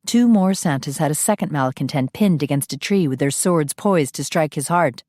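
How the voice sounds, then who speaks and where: Audiobook narrator, woman, low voice, dry close recording, measured reading. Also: animated, darkish tone, dry recording. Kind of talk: scripted narration.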